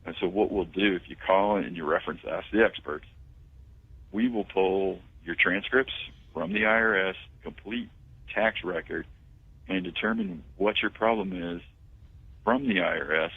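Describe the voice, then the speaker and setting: A man, a tax firm owner, pitching his services confidently as a guest phoning into a radio talk show. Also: moderate pace, creaky, husky, no room sound. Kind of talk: radio phone-in interview. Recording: tinny phone line.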